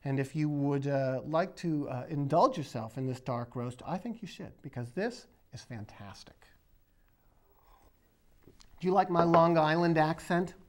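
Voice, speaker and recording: A man's voice: fairly high pitch, measured pace, darkish tone. A man from the area, hosting his own video blog and ranting about politics in a rambling, sarcastic, emphatic way. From Boston area, USA.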